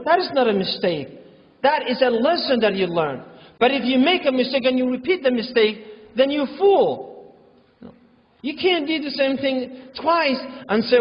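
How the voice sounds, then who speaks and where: A man giving a conversational sermon in a mosque hall, informal and repetitive, acting out quoted parents and children. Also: extremely high pitch. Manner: informal, repetitive, uses religious phrases. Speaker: imam giving a talk. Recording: echoey hall, dull lo-fi sound.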